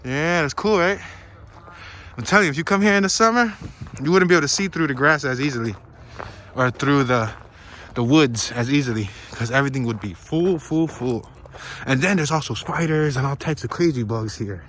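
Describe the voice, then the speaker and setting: A man casually narrating his hike on a wooded marsh trail outdoors, playful and excitable, whooping and laughing as he walks. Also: medium pitch, moderate pace, slight background noise. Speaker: vlogger narrating a hiking walk. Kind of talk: casual walk-and-talk narration.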